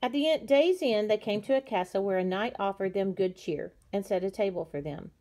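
A woman reading a storybook aloud to students, unhurried and gentle, with small slips. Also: medium pitch.

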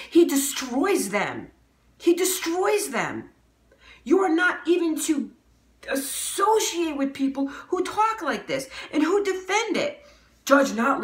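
Fervent female preacher, high-pitched, emphatic, recorded in a roomy space. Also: fairly bright tone. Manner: emphatic, fervent, fires rhetorical questions. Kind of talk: impassioned video sermon.

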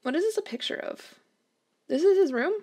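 A woman's voice: extremely high pitch, lively intonation, fairly quick, a little mellow. A young woman chatting through a life-sim game as host, fondly talking to the characters on screen. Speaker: let's play host. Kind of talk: gameplay commentary.

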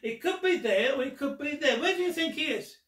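A man's voice: very high voice, animated, fairly quick, fairly bright tone. A man performing a magic trick while telling a Gospel story, teasing the viewer. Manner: playful and teasing, addressing the viewer. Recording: roomy echo, distant mic.

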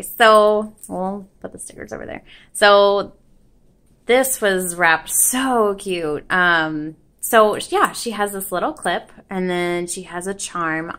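A young woman chatting casually on her vlog, bubbly and gushing, with a voice that jumps around in pitch and lots of giggles. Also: fairly bright tone. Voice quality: voice shifts in pitch a lot. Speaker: vlogger. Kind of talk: casual unboxing chat.

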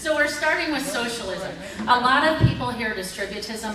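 A woman's voice: fairly high pitch, animated, normal speed, a crowd in the background. A woman giving a conference lecture in a chatty, joking way, with casual fillers. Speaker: conference speaker. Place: large echoey hall. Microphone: distant mic. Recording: echoey hall, far-off mic, background noise.

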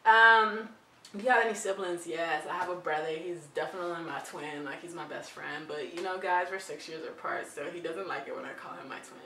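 A woman's voice: fairly low pitch, sharp tone, a little hiss or hum. A young woman vlogger chatting playfully through tag questions, with giggly asides. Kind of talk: casual chat answering tag questions. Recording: roomy, distant from the mic.

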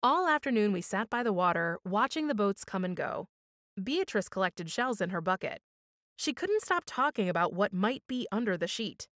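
Woman doing storytime, expressive read-aloud, voice moves a lot, dry close sound. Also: mid-range voice, normal speed, no room sound. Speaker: storytime reader.

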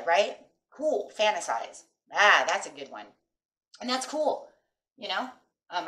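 In a lowish, somewhat bright voice, a middle-aged woman does a chatty tarot reading, emphatic and aimed at her viewers, repeatedly asking "right?". Her voice sounds distant and off-mic, with room echo.

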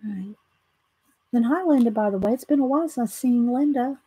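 Hosting a casual live coloring tutorial, a woman with a Southern American accent chats with viewers, greets them by name, laughs easily and reads steps aloud between her comments. Her voice is a little high, fairly quick, warm and breathy, with no echo.

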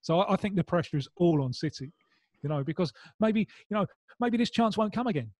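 Manc guy rambling wry stories, fairly high voice, dry sound. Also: lively intonation, brisk, darkish tone, dry recording. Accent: Mancunian. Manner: rambling, many restarts, wry humour. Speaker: guest pundit. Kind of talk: casual discussion.

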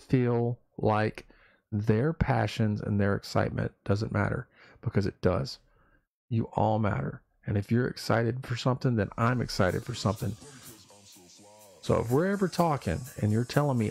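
A man's voice: on the low side, normal speed, creaky, darkish tone, faint music behind. A man hosting a casual live stream, talking in an emphatic, fired-up rant.

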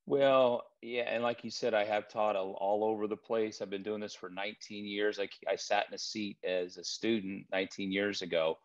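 A man speaking as a guest property trainer in a relaxed interview, telling stories with frequent restarts. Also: lowish voice, moderate pace, few pauses. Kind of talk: casual interview chat. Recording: dull lo-fi remote recording.

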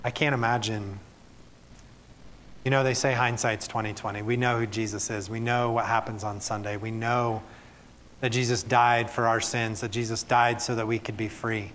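A man's voice: mid-range voice, level tone, moderate pace, fairly bright tone, slight background noise. A male pastor reading scripture aloud and preaching earnestly to his church. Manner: reads scripture then speaks plainly and earnestly to the congregation. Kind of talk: sermon.

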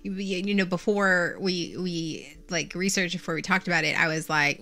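A woman's voice: fairly low pitch, expressive, moderate pace, bright, forceful tone. A woman co-hosting a casual podcast chat, talking chattily with lots of "like" and giggles. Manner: chatty, says "like" often, giggly. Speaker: podcast co-host.

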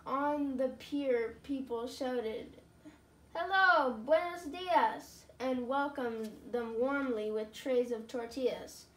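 A woman reading a children's picture book aloud, slowly and carefully, with small slips. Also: a little high, steady tone, darkish tone, recorded from a distance. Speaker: storybook reader. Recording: roomy, from away from the mic.

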